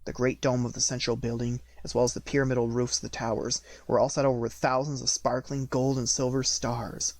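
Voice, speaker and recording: A man narrating an audiobook of a classic fairy tale at a steady, measured pace. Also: mid-range voice, gravelly. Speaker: audiobook reader. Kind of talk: storybook narration.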